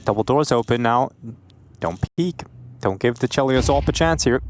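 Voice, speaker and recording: Excitable male esports play-by-play caster. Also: mid-range voice, slight background noise. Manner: excitable, jokey, quick to laugh. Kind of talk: live play-by-play commentary.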